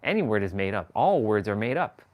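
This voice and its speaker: A man's voice: on the low side, sing-song, a little fast, darkish tone. A man hosting a live stream, chatting casually in a rambling, slangy way with chuckling asides. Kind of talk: casual chat.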